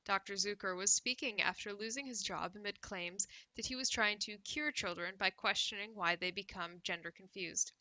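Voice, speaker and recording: Host, female, Canadian accent, sarcastic livestream commentator; bright, dry close-mic sound. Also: mid-range voice, normal speed, few pauses, no room sound, low-quality recording. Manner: sarcastic, laughs often, drinks cider on stream. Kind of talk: casual livestream commentary, reading news aloud.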